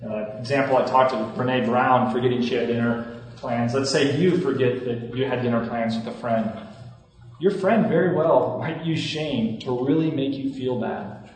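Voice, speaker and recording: A man's voice: medium pitch, moderate pace, a little mellow. A man in his thirties, a campus minister, giving an earnest, conversational talk to students with frequent restarts and asides. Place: large hall. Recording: echoey hall from far off.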